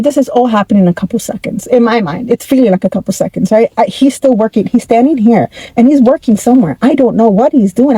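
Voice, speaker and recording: A woman from the United States telling a personal story in a casual, animated way, often repeating and restarting her words. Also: a little high, slightly rough, no room sound, poor audio.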